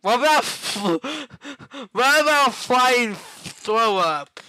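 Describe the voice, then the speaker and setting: A man's voice: very high-pitched, expressive, drawn-out words, sharp tone, low-quality recording. A man chatting casually and laughing often. He stalls and repeats his words before he gets a question out. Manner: giggly, hesitant, repeats himself when starting a question. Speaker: person chatting with an AI chatbot. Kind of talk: casual chat.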